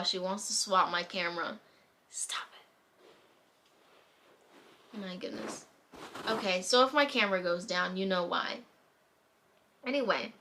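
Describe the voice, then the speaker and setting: A young woman telling a story at home into her camera, in a chatty, animated way. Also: a little high. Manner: chatty, animated retelling with bursts of laughter. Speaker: vlogger. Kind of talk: casual storytime chat. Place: home room. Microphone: camera mic.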